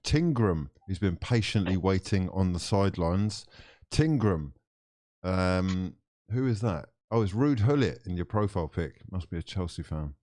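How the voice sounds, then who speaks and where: A low-voiced man hosting a casual live football talk show. He is laid-back and teasing, and he reads viewer comments aloud. The sound is close and dry. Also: animated, unhurried, warm tone, no room sound. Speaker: podcast host.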